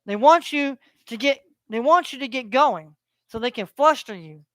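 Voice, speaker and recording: A man on a heated, preachy rant, swearing freely and circling back to the same phrases. His voice is smooth and resonant. The sound is close and dry, with no room around it. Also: very high voice, animated, moderate pace, pushed and bright, no echo. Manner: profane, preachy, repeats phrases. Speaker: vlogger. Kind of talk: ranting monologue.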